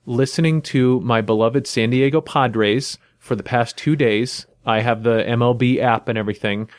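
A man in relaxed podcast chat with a middle-pitched voice. The sound is dry and close, with no room echo, and he talks in an easy, reflective way. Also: normal speed. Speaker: podcast co-host. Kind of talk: casual chat.

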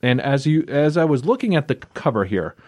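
A man's voice: mid-range voice, big pitch swings, a little fast, a little mellow. A man co-hosting a casual comic book chat, with wry, teasing banter. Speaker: comic book podcast co-host.

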